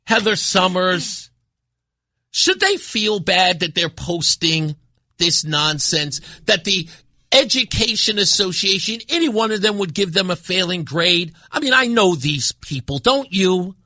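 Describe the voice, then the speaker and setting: Male talk radio host, emphatic and repetitive, bright voice, dry studio sound. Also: high-pitched, lively intonation, a little slow, dry recording. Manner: indignant, emphatic, repeats himself. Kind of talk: political talk radio commentary.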